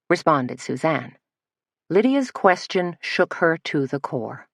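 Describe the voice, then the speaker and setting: Low-voiced woman narrating an audiobook. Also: very animated, slow pace, no echo. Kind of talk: scripted narration.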